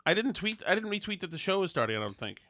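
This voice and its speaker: Lively, bright-voiced joking man. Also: high-pitched, quick pace, dry recording. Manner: joking, sarcastic, animated storytelling. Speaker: podcast host. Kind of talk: casual podcast banter.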